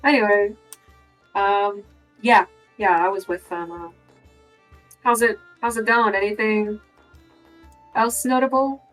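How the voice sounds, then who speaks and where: A woman's voice: medium pitch, steady tone, slow pace, long pauses, fairly bright tone, faint music behind, low-quality recording. A woman playing a tabletop game in a casual, blunt way, swearing and pressing with questions. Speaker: player. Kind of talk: casual tabletop role-play.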